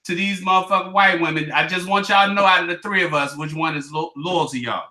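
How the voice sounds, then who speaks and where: A man's voice: high voice, fast talker, pushed and bright. A man co-hosting a podcast, arguing in heated casual banter, combative and profane, firing off questions. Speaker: podcast co-host.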